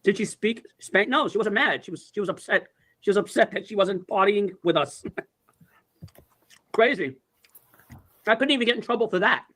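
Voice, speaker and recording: A man's voice: sits high, normal speed, pauses often, fairly bright tone. A man in his sixties telling rambling, profane stories in casual chat, full of "like" and "I go". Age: 60s. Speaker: storyteller. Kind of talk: casual storytelling.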